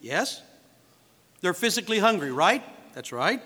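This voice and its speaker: Male pastor, sermon, lively swooping delivery, rhetorical questions, acted-out quotes, high voice, reverberant hall. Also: measured pace, long pauses, husky.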